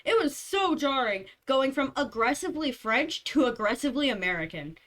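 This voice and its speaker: A woman's voice: high voice, big pitch swings, moderate pace, fairly bright tone. A young woman streamer chatting casually, rambling through stories and giggling often. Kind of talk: casual chat.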